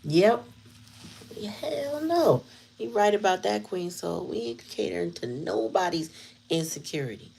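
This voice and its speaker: A woman's voice: mid-range voice, sing-song, unhurried, vocal fry, a little mellow, breathy edge, low-quality recording. A woman hosting her tarot channel, chatting casually and telling a story in a blunt, candid way with plenty of slang. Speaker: tarot reader and channel host. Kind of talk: casual livestream chat.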